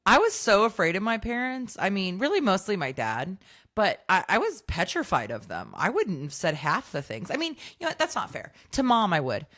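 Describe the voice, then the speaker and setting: A woman's voice: mid-range voice, huge pitch swings, normal speed, fairly bright tone. A woman in her thirties co-hosting a podcast, telling stories in casual chat, acting out quoted dialogue and swearing freely. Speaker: podcast co-host.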